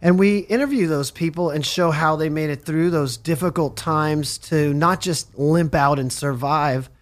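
Radio host dude, kinda high voice, rambly and excited, jokes around with his guest. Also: normal speed. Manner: enthusiastic, rambling, jokey. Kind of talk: casual interview chat. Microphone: studio mic, on camera.

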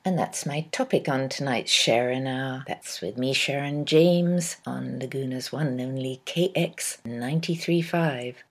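A woman hosts her own evening radio talk show. Her voice is low and slightly husky. She delivers a measured, reflective scripted monologue.

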